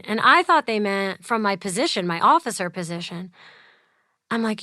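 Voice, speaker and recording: A woman's voice: medium pitch, expressive, normal speed, bright, forceful tone, dry recording, clean studio sound. A woman in her thirties telling a personal story in an interview, chatty, full of "like", acting out the people she quotes. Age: 30s. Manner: chatty, fills with "like", acts out quoted voices. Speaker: interview guest.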